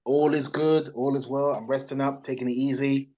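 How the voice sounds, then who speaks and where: A man's voice: mid-range voice, level tone, normal speed, warm tone, low-quality recording. A man co-hosting a casual wrestling podcast from home, giving opinionated, rambling takes and searching for words. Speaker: podcast co-host. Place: resting at home.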